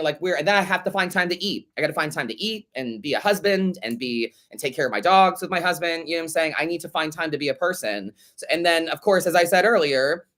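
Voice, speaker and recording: A man's slightly bright, higher-pitched voice carries a live tarot podcast. Working through letters from listeners, he's profane and sassy, uses pet names like babe and honey, and keeps restating his points for emphasis.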